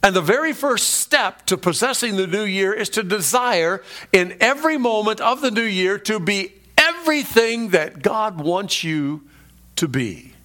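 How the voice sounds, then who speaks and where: A man's fairly high voice carries this sermon. He preaches with emphatic swells and sudden low drops, and turns often to ask his listeners direct questions. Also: lively intonation, measured pace, bright, forceful tone. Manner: emphatic, swings between rising peaks and low drops; conversational asides to the congregation. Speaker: pastor.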